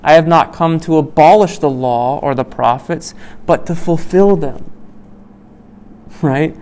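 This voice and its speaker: Man with a smooth, clear voice leading Bible study. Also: on the high side, a little slow, a little mellow. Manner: conversational, checks in with listeners by asking "right?"; many "um"s and restarts while explaining. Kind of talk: reading scripture aloud and explaining it.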